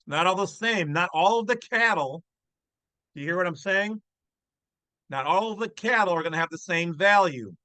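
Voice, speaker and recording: A man's voice: high voice, lively intonation, normal speed, pushed and bright, dry recording, rough recording. A man hosting his channel, commenting in a brash, folksy, slangy way. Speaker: channel host. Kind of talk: casual commentary on a read-aloud text.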